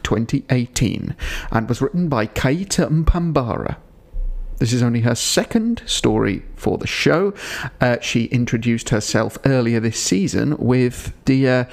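A man's voice: mid-range voice, vocal fry. A man hosting a podcast, giving a digressive episode review with dry, wry asides. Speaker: podcast host.

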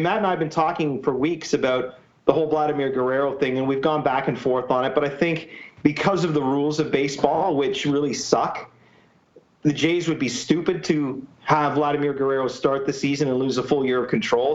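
Man from Canada, podcast guest, chatty and opinionated, slightly high voice, muffled sound. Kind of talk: casual sports podcast chat.

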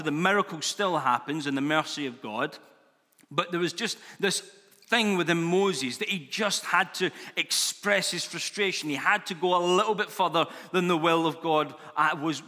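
Male preacher, bright forceful delivery, earnest and emphatic, church hall reverb. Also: on the high side. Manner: earnest, emphatic, builds in intensity. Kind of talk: sermon.

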